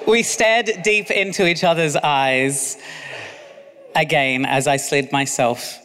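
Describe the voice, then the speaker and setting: Aussie guy reading his memoir, bit high voice, long echo tail, cheeky side comments. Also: a little slow, heavy background noise. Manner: cheeky, laughing asides. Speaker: author reading own memoir. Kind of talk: audiobook narration with asides.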